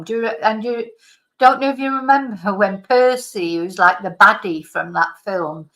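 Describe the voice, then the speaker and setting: Woman vlogger, bright tone, chatty rambling storyteller, home setup. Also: mid-range voice, poor audio. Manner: rambling, digressive, with many asides. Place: at home by a computer.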